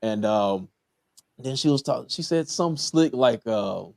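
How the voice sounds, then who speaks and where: A man's voice: medium pitch, lively intonation, moderate pace, creaky, a little mellow, no room sound. A laid-back man with a Southern US accent runs a casual episode review, his voice rising and falling a lot as he talks. He leans on fillers and laughs at his own remarks. The sound is close and dry, with no room around it. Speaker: podcast host reviewing a TV episode.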